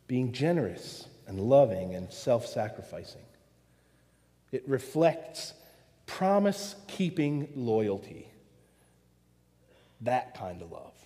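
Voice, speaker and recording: A man's voice: fairly high pitch, warm tone. A man preaching a sermon, earnest and full of rhetorical questions, in a church. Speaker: pastor. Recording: long hall reverb.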